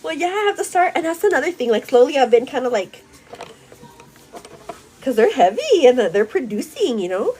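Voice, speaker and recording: A woman's voice: high-pitched, very animated, normal speed, long pauses, a little mellow, poor audio. A woman from a Mexican-American family chatting casually while getting ready at home, bubbly and laughing often, dropping in Spanish words. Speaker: beauty vlogger. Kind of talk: casual chat.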